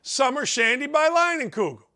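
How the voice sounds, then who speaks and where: A middle-aged man hosting a sports talk show, giving a brash, folksy, animated monologue and ribbing his listeners. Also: extremely high pitch, moderate pace. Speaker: sports radio host.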